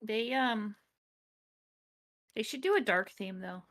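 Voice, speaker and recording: A woman's voice: mid-range voice, animated, takes it slowly, fairly bright tone. A woman co-hosting a podcast, chatting casually and giving practical, plain advice. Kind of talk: casual chat.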